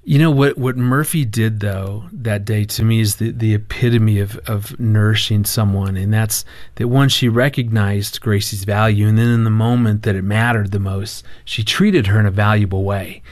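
A man in a casual conversation, telling a family story in an animated way and acting out the quoted lines. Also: lowish voice, moderate pace, few pauses, dry recording. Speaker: marriage counselor and guest.

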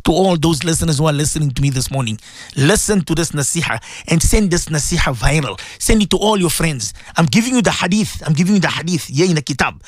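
A man giving an impassioned radio sermon to his listeners, emphatic and repetitive, with sudden leaps in pitch. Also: lively intonation, fast, no echo, studio quality. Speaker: radio presenter giving religious advice.

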